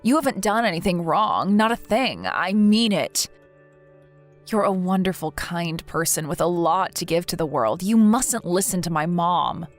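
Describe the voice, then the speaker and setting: A woman's voice: on the low side, lively intonation, a little slow, faint music behind. Earnest woman in a text story. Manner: earnest, indignant and protective.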